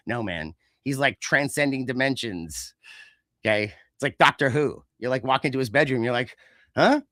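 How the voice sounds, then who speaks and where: A man co-hosting a podcast in casual chat, ranting in an animated, sarcastic way. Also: medium pitch, a little fast, no echo, clean studio sound. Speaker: podcast co-host.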